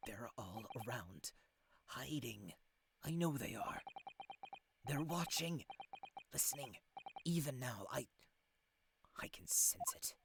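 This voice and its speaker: Male streamer plays a theatrical paranoid young prisoner from a game, swinging widely from whispers to booming lines. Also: very animated, moderate pace, bright, forceful tone, a little hiss or hum, full character voice.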